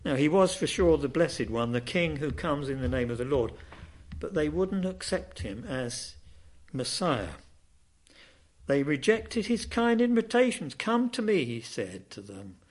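Lively, dramatic male preacher. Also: on the high side, a little slow. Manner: dramatic, rising and falling emphasis. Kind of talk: sermon.

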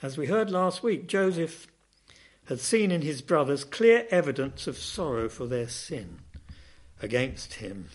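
A man preaching a sermon, telling a Bible story with dramatic, rising and falling emphasis. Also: mid-range voice.

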